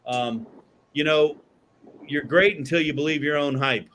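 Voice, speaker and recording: A man's voice: on the high side, measured pace, a bit bright, slight background noise. A man hosting a podcast in casual chat, rambling and swearing freely, with lots of fillers and restarts. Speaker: podcast host.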